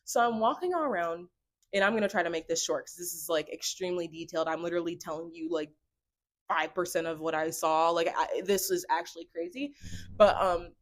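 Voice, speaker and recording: A young woman vlogger telling a story to camera in an excitable, rambling way, full of fillers. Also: on the low side, a little fast.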